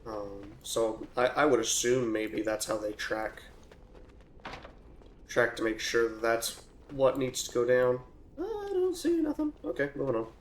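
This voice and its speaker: A young man casually commenting on his own gameplay, thinking out loud with restarts, and turning loud and excitable during fights. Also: medium pitch, unhurried, a little hiss or hum. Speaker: let's play gamer.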